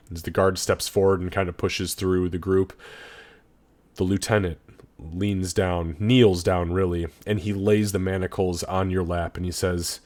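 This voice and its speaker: A man's voice: sits low, fairly even intonation, moderate pace, darkish tone. A man narrating a tabletop role-playing session as game master, descriptive and swearing freely.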